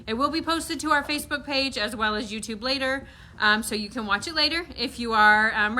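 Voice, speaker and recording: A woman opens a company livestream in a casual, upbeat way, greeting viewers by name. Her voice is high and bright, with plenty of fillers along the way.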